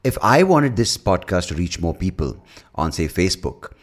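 Indian guy hosting a podcast, low voice that swings all over, swears a lot and keeps correcting himself. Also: very animated, normal speed. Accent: Indian English. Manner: rambling, profane, self-correcting. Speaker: comedian podcast host. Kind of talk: casual rant.

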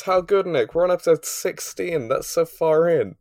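A man's voice: on the high side, animated, normal speed, a little mellow, dry recording, studio quality. Playful man hosting a podcast. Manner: teasing, playful and upbeat. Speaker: podcast host. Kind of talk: casual chat.

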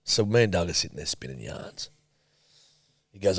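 A young adult man, co-hosting a casual podcast with rambling stories and deadpan jokes. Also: sits low, fairly quick, slightly rough, no room sound, clean studio sound. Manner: joking, rambling, deadpan quips. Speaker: podcast co-host. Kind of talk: casual chat.

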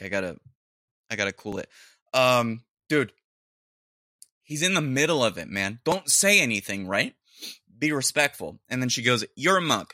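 Excitable, bright-voiced podcast host guy. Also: mid-range voice, dry recording, studio quality. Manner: excitable, breaks into laughter, loose slangy talk. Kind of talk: casual reaction commentary.

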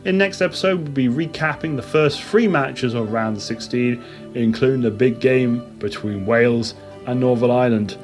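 A man hosts his own podcast, rattling off team after team in a relaxed, chatty rundown. His voice sits at an ordinary pitch for a man, with faint music playing softly under it. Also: moderate pace. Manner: casual, listing teams in a steady rundown. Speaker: podcast host. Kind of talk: solo football podcast predictions.

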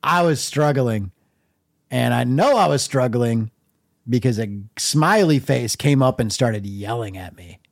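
A middle-aged man casually telling a long story on his own podcast, wry and laid-back, dropping to a low mumble when he quotes himself. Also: animated, measured pace, gravelly, no echo, studio quality. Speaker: podcast host.

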